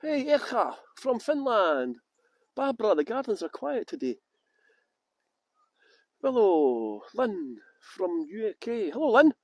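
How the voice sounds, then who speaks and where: A man's voice: high-pitched, sing-song, slow, pauses often, darkish tone, no room sound. A Scottish man working as a tour guide, rambling through self-mocking banter and greeting viewers by name during a live stream outdoors in a garden. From Scotland.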